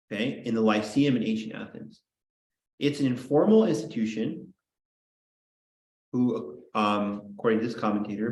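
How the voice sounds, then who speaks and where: Male teacher, playful and chatty, mid-pitched voice, roomy classroom echo. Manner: playful, joking, chatty asides. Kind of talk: classroom lecture.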